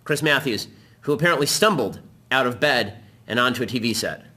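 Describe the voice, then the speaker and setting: A man hosting a political talk show, delivering a combative, rapid-fire commentary monologue. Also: mid-range voice, animated, pushed and bright.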